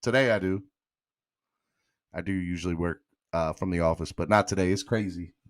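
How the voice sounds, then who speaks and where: A man hosting a live sports podcast stream, chatting casually, shouting out donors and hyping up his chat, with a Southern US accent from Miami. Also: sits low, normal speed. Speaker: podcast host.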